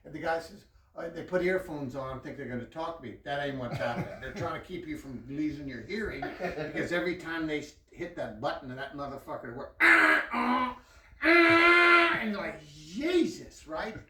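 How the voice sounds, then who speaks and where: A man's voice: fairly high pitch, expressive, a little fast, hardly any pauses, reverberant, recorded from a distance, crowd noise. A man telling a long personal story in casual, profane talk, laughing as he goes.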